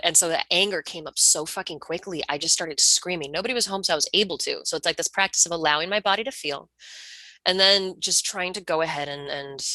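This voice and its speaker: A woman's voice: lowish voice, pushed and bright, no room sound. A woman sharing candidly in a casual peer talk, swearing a lot and often restarting her sentences. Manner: raw, heavy swearing, frequent restarts.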